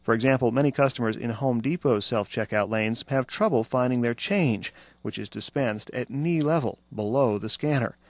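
A man reporting a radio news feature in a measured, scripted narration. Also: medium pitch, no echo. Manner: measured, even delivery.

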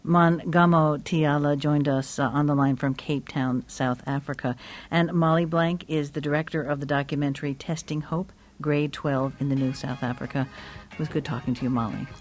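A woman's voice: low voice, fairly even intonation, moderate pace. Woman hosting a broadcast interview. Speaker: radio interview host.

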